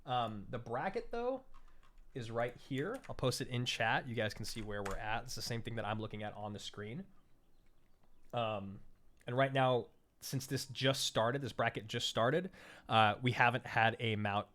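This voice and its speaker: A man's voice: mid-range voice, fairly bright tone. A man in his thirties casually chatting with his live stream audience while waiting to cast an esports match, answering chat and joking about himself.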